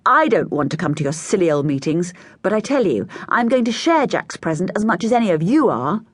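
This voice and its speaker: A woman's voice: medium pitch, big pitch swings, normal speed, no room sound, voice pushed up. A woman doing a fierce, defiant schoolgirl. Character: bold, defiant schoolgirl, stubborn.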